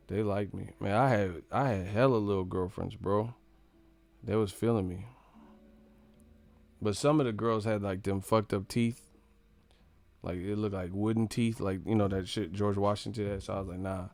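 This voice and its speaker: A young man from the United States, hosting a casual live stream and joking loudly with lots of profanity. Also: on the low side, steady tone, normal speed, vocal fry, pauses often, no echo. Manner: loud, profane, joking, laughs a lot.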